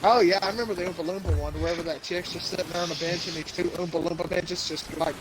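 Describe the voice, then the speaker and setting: A man's voice: sits high, steady tone, fast. A young man hosting a podcast, rambling through crude stories in casual banter and putting on silly voices as he tells them. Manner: rambling storyteller, mimics voices, laughs a lot. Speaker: podcast host. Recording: noisy background.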